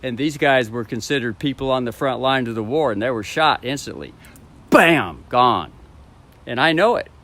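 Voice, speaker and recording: A man talks off the cuff to a camera, rambling and swearing freely. His mid-pitched voice swings widely up and down, and he chuckles to himself between thoughts. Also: expressive, normal speed, a bit bright. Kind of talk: rambling vlog monologue to camera.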